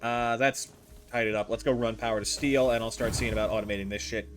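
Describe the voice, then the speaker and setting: A man's voice: medium pitch, steady tone, quick pace. A man streaming a building game, muttering casual commentary with swearing and self-deprecating asides. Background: game music.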